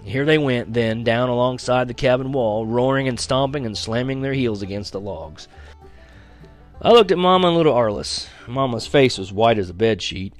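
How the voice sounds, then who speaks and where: A man reading a first-person frontier story aloud, lively and dramatic, slowing down at tense moments. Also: medium pitch, faint music behind. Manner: lively, dramatic, slows for action beats. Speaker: audiobook reader.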